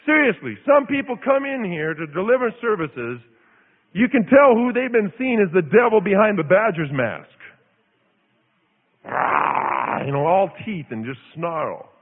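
A man from Idaho, USA, preaches a sermon in a large hall, telling a story in an animated, dramatic way with lots of repetition. He has a high voice, and the audio is narrow and tinny.

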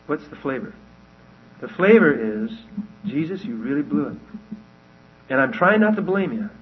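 A man with a somewhat high, husky voice walks through a Bible passage verse by verse. He talks in a conversational way and keeps asking his listeners questions. The recording sounds dull and lo-fi. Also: very animated, moderate pace. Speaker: Bible teacher.

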